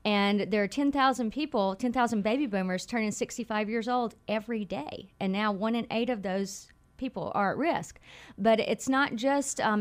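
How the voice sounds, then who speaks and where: A woman with a Mississippi accent, a nonprofit executive explaining things clearly as a radio guest. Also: medium pitch. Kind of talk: radio interview.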